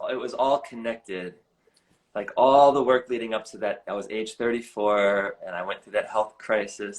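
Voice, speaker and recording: A man in his forties telling a personal story in an earnest, animated way, often saying "like", recorded over a live video stream. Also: sits low, low-quality recording. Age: 40s. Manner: earnest, animated, heavy use of "like". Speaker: guest. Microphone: live video stream on a phone or computer.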